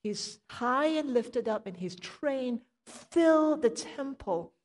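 A woman preaching a sermon in a church, telling a personal story in an earnest, reflective way that drops to hushed tones. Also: high voice, expressive, slow pace. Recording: long hall reverb.

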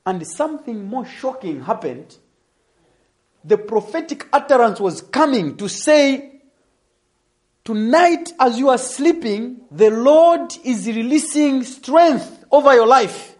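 High-voiced man preaching a testimony. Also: takes it slowly. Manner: animated storytelling, laughs through lines. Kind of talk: sermon testimony.

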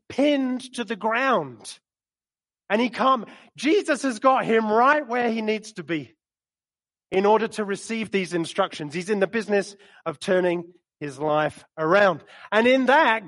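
A man preaching a sermon in a church, animated and storytelling, speaking into a microphone. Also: sits high. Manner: animated, storytelling, acts out quotes with laughs. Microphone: microphone he moves around while preaching.

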